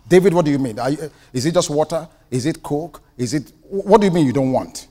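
A man with a Nigerian accent preaching a sermon with passion, dropping to hushed asides and rising to ringing declarations. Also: mid-range voice, expressive, quick pace, few pauses. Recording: long hall reverb.

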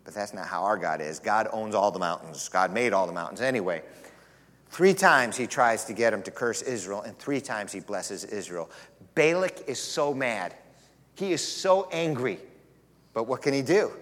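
A male pastor who retells a scripture story in an animated, joking manner during a sermon. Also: on the low side, normal speed, big-room sound.

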